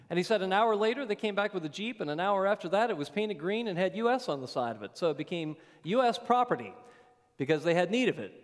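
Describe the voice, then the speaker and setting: A man's voice: high-pitched, lively intonation, a little fast. Folksy preacher man in an echoing sanctuary. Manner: folksy storytelling, swings from quiet asides to raised emphasis. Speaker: pastor. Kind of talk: sermon. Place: church sanctuary. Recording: long hall reverb.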